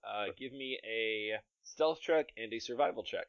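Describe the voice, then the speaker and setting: A man's voice: mid-range voice, unhurried, fairly bright tone, clear, resonant tone, no echo, dull audio. A man narrating a tabletop game as game master, descriptive and amused, laughing often.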